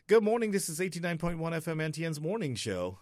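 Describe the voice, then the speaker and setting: A man's voice: fairly high pitch, sing-song, quick pace, darkish tone, no echo. A man hosting a morning call-in radio show, exuberant, laughing often and teasing callers. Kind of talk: lively call-in radio chat.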